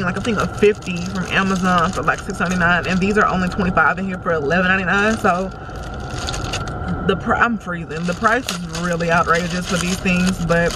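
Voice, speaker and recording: A woman, a makeup artist talking casually to her vlog camera while driving, rambling and easily exasperated. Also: medium pitch. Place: in a car while driving in traffic. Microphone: camera in the car. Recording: car noise behind the voice.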